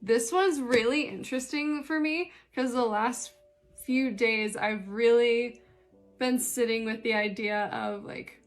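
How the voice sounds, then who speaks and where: A woman's voice: on the high side, slow. A young adult woman, a spiritual life coach, chatting casually with dry, sarcastic humor while reading tarot cards.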